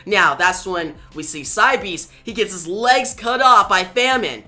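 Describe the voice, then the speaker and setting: Bright-voiced man recapping a comic. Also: high voice, measured pace, faint music behind. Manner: loose retelling, starts most lines with "now". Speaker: comic book reviewer. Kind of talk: casual comic recap narration.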